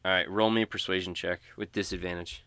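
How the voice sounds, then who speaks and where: A man runs a tabletop game, narrating in a relaxed, casual way. His voice sits low. The recording is close and dry. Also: fast, smooth, no room sound. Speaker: game master.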